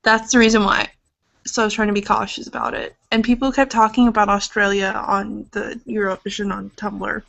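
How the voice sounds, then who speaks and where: A woman's voice: mid-range voice, flat delivery, brisk, gravelly, a bit bright. A young woman from Iowa co-hosting a podcast, chatting casually in a rambling way with casual swearing. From Iowa, United States. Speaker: podcast co-host. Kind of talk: casual chat. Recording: dull lo-fi webcam audio.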